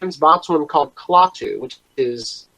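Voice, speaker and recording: A man's voice: a little high, measured pace, sharp tone, no room sound. A man co-hosting a podcast in casual chat, rambling, self-deprecating and trailing off mid-thought. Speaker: podcast co-host. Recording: dull, dry lo-fi mic.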